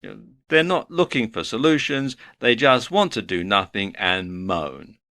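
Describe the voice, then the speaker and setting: A man's voice: fairly low pitch, sing-song, measured pace, bright, forceful tone, no room sound, studio quality. A man giving a motivational lecture, earnest and advice-giving, working through his points one by one. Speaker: online course instructor.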